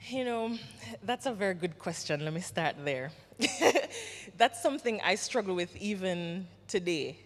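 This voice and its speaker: A woman from Jamaica with a Jamaican accent, an actress answering questions at a symposium, telling her story with lively acted-out quotes. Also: lowish voice, measured pace. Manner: animated storyteller, acts out quoted voices. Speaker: actress and guest speaker. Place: symposium hall. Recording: reverberant hall.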